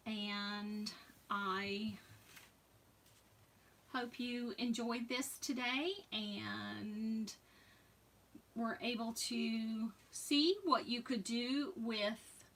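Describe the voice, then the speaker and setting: Unhurried woman crafter, chatty with soft asides; distant mic. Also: on the high side. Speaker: crafting demo host. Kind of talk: live crafting demonstration.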